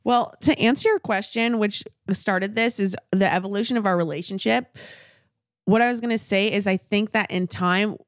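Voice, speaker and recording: A woman's voice: medium pitch, moderate pace. A woman guest on a podcast telling a story in candid, casual chat, swearing and laughing as she goes.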